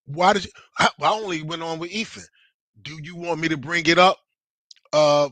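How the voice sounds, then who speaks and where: A man's voice: a little high, normal speed, sharp tone, no echo, poor audio. A man on a podcast, talking heatedly and profanely, repeating himself and acting out quotes. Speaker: podcast host. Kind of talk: heated casual chat.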